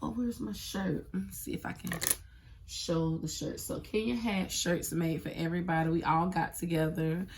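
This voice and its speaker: A woman in her thirties tells a personal story straight into her phone at home, rambling and full of fillers, her feelings close to the surface. Her voice sits low and has a gravelly edge. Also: fairly even intonation, normal speed, darkish tone. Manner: casual, emotional storytelling with many fillers. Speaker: vlogger.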